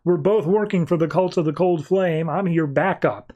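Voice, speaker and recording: A man's voice: a little high, moderate pace, warm tone, muffled recording, voice pushed up, close to an everyday voice. A man voicing a brash, cynical male magician in a podcast recap, snapping impatient orders in a somewhat raised voice.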